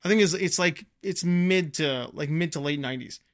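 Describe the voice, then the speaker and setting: A man's voice: fairly high pitch, normal speed. A man in casual, rambling conversation about films, enthusiastic and swearing freely. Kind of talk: casual movie chat.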